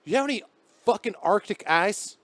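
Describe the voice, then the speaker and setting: A man's voice: high-pitched, expressive, moderate pace, a bit bright, no echo, pitched above the performer's own voice. A man voicing a scrawny, belligerent Southern tweaker in his fifties, with a sneering, profane delivery and a Southern accent.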